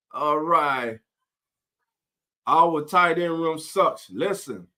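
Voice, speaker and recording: A man's voice: fairly high pitch, drawn-out words, long pauses, bright, forceful tone. A man hosting a casual live-stream sports talk show, greeting viewers in chat by name.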